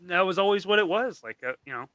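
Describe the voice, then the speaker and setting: A man's voice: high-pitched, lively intonation, fast talker, pushed and bright, dry recording. A man hosting a live stream in casual chat, enthusiastic, jokey and profane.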